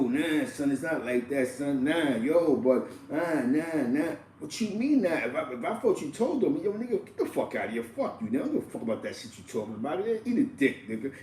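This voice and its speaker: A man hosting street commentary, profane and animated, laughing often. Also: medium pitch, roomy sound, recorded from a distance, a little hiss or hum, rough recording. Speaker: commentary host.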